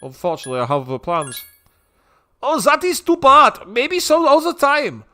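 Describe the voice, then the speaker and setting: A man voicing an eager young male foreign student on the phone, in halting, slightly broken English. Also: very high-pitched, very animated, pushed and bright, voice pushed up, exaggerated voice. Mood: hopeful.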